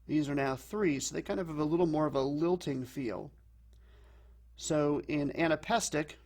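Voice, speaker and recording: A man teaching a lesson, explaining calmly and slowing down to read lines of verse aloud. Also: a little high. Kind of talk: explanatory lecture.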